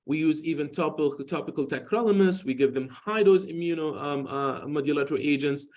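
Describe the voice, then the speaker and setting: A dermatologist in his forties speaks a little high and fairly quickly, with a darkish tone, in a conversational medical lecture. His talk is loose and rambling, peppered with "you know" and restarts. He tells patient stories informally.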